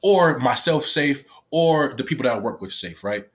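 A man's voice: medium pitch, lively intonation, moderate pace. A man telling a personal story to camera, tearful, rambling with lots of fillers and frequent swearing. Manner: rambling, peppered with "like" and "right?", swears freely. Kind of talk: casual emotional storytelling to camera.

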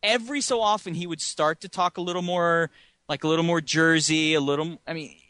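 A man's voice: fairly high pitch, fairly even intonation, brisk, sharp tone, clear, resonant tone, no echo. A man co-hosting a podcast, rambling through casual movie chat and chuckling often. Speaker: podcast co-host.

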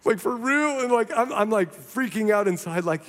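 A young adult male pastor preaching a sermon, telling a personal story in an earnest, animated way. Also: high voice, normal speed. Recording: long reverb of a large hall.

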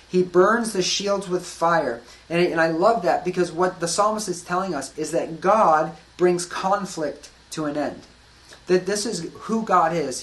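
A man preaching a sermon, earnest, rising to emphatic declarations and dropping to soft, calm passages. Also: fairly high pitch, poor audio. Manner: earnest, building to emphatic declarations then softening. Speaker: pastor.

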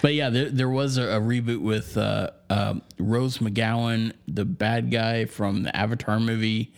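A man's voice: on the low side, fairly even intonation, unhurried, vocal fry. A man co-hosting a casual movie podcast, joking and swearing freely. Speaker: podcast co-host.

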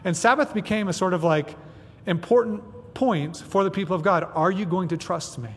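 A man's voice: high-pitched, moderate pace, breathy edge, big-room sound. A man preaching a sermon as pastor, chatty and conversational with frequent asides. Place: church sanctuary.

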